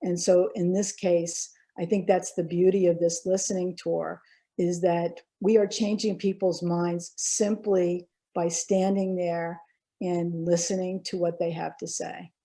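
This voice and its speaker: A woman's voice: lowish voice, little pitch movement, measured pace, dark tone. A woman, a former political candidate, speaking earnestly on a panel discussion and telling a story with frequent restarts.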